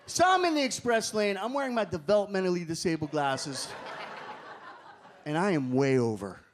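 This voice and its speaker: A man performing a stand-up comedy set on a club stage, animated and shouting some lines. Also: high voice, moderate pace. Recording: club crowd laughter and room noise.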